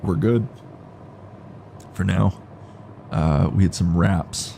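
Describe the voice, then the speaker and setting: Male gaming streamer, deep dark voice, reads text aloud with dry humor. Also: slow, creaky, a little hiss or hum. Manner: dry, joking asides to chat. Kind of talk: live gameplay commentary, reading game text aloud.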